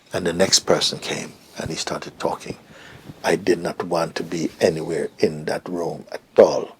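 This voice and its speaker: A man's voice: deep voice, vocal fry, slight background noise. A middle-aged man recounting a personal story as an interview guest, reflective and hesitant, sometimes dropping to a whisper. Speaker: interview guest, spiritual teacher.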